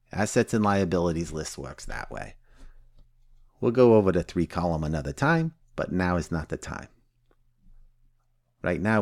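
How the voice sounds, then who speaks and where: Brief: a man playing a blunt, cussing recovery sponsor, very low voice, dry close sound, sardonic teaching. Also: darkish tone, no echo. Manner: blunt, swears constantly, sardonic. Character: blunt, foul-mouthed woman sober AA sponsor. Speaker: recovery step instructor. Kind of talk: casual profane teaching.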